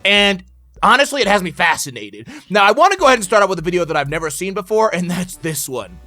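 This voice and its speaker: A man hosting a reaction video, reacting loudly and profanely with excitable outbursts. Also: high-pitched, quick pace, dry recording. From United States. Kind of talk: casual reaction commentary.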